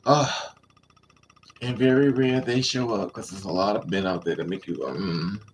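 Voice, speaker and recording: A man telling a raunchy story to his live chat in a flamboyant, sassy way, laughing and squealing up high. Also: lively intonation, normal speed, slight background noise. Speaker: live stream host.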